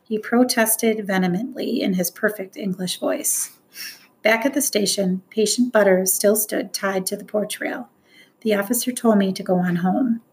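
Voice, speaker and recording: A woman reading a first-person novel aloud as an audiobook narrator, earnest and measured. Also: medium pitch, a little mellow.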